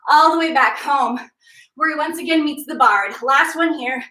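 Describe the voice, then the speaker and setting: A young woman leading a live workout class, telling a legend in a playful, energetic way while cueing moves. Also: sits high, normal speed, recorded from a distance. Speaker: fitness instructor. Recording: echoey room, voice off-mic.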